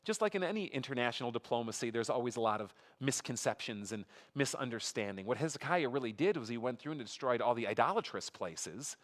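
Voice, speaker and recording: A man's voice: medium pitch, expressive, fast talker, few pauses. Man teaching scripture in a reverberant hall. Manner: reads scripture aloud with emphatic rises, asides to the congregation. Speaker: pastor teaching a Bible study. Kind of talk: conversational sermon. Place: church sanctuary.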